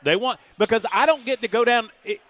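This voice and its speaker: A man hosting live talk radio, emphatic and argumentative but quick to laugh, broadcasting from a remote venue. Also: very high-pitched, a bit bright.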